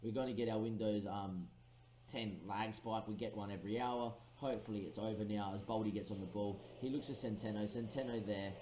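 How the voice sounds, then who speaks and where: A young man commentating live on a football management game, lively play-by-play with excited bursts and pleading. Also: fairly low pitch, fairly quick, roomy sound, slight background noise. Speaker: gaming commentator.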